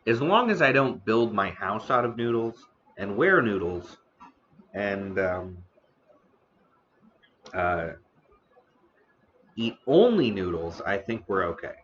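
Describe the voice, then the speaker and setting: A man hosting a casual live stream about the history of noodles, talking slowly with many fillers and restarts, eating now and then. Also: on the low side, big pitch swings, a bit bright, highs cut off, a little hiss or hum. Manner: eating on stream between remarks. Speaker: streamer host.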